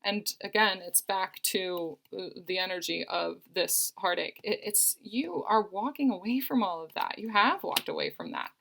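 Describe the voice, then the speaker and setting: Gravelly-voiced woman giving an earnest tarot reading. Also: medium pitch, big pitch swings, moderate pace, few pauses, fairly bright tone. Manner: earnest and reassuring, with repeated phrases. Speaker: tarot reader.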